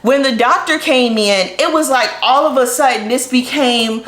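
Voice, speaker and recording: A young woman vlogger telling a personal story, candid and animated, with lots of "like" fillers. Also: sits high, normal speed. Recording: echoey room.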